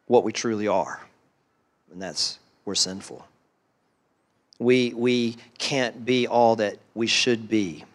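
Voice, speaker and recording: A man preaching a sermon as pastor, animated and full of rhetorical questions, sometimes dropping to quiet asides. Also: mid-range voice.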